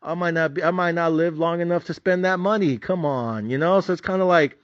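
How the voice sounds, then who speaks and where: A man's voice: on the high side, a little fast, no echo, muffled recording. A man hosting a podcast, telling a story in a casual, profane, fired-up way with lots of slang. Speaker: podcast host. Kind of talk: casual monologue.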